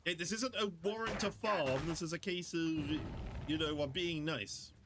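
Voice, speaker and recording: A British man streaming a game, chatting casually and joking, often jumping up into high squeals. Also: a little slow, fairly bright tone, a little hiss or hum. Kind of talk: casual gameplay commentary.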